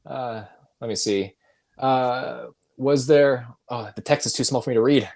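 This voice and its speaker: A man of middle pitch hosts a casual live interview. He hesitates and repeats words as he asks his questions, and he laughs easily. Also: a little slow, darkish tone. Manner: hesitant, stammering, laughs often. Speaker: host.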